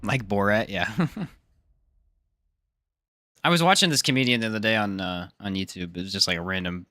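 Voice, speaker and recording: A man's voice: lowish voice, moderate pace, bright, forceful tone, dry recording. A man streaming a live game, chatting casually, joking and answering his chat. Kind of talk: casual live gameplay commentary.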